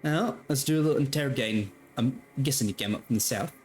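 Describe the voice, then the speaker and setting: A man playing a menacing male cop leader, gruff and mocking. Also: mid-range voice, fast, darkish tone, faint music behind, pitched above the performer's own voice, lightly acted. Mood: mocking menace.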